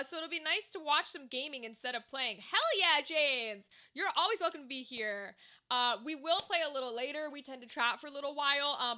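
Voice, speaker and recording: Bright, high-voiced chatty woman streamer. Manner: chatty, rambling, reacts to chat. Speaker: live streamer and voice actor. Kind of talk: casual live stream chat. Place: home room with a table setup. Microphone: desk microphone.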